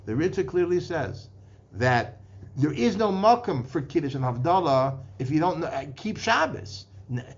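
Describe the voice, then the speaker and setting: Halting man teaching a Torah lecture. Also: fairly high pitch, sing-song. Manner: halting, with restarts and repeated words; mixes many Hebrew and Aramaic terms into English. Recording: dull lo-fi podcast recording.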